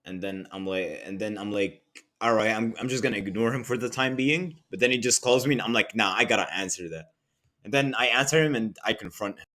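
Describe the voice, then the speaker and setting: A young man with a slightly low voice narrates a storytime vlog. He retells events in an animated, mocking way. His speech is full of casual slang. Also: a little fast. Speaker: channel host.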